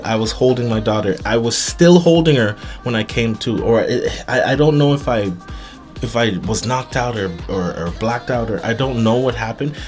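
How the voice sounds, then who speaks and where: A man telling a personal story to his viewers in an earnest, halting way, with many restarts and repeated words. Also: mid-range voice. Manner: earnest, emphatic retelling. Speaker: vlogger.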